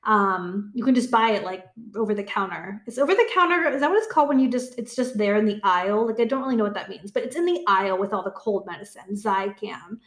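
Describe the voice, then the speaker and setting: A woman's voice: medium pitch, quick pace, hardly any pauses. A woman in her thirties talking candidly to her viewers, chatty, swearing freely and acting out her own inner voice. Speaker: vlogger. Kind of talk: casual talk to camera. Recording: echoey room.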